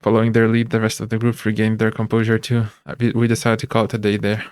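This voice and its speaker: A man streaming a visual novel, reading the narration aloud in a steady voice with small slips. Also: on the low side, fast, smooth, no echo.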